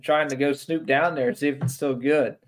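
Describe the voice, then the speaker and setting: A man's voice: mid-range voice, fairly even intonation, fairly quick, background noise. Eager podcast host man. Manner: eager, short interjections. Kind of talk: casual chat.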